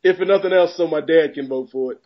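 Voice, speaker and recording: Joking podcast host, lo-fi sound. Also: male voice, on the high side, quick pace. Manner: joking, rambling, animated riffs. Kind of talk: casual sports podcast banter. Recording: dull lo-fi podcast audio.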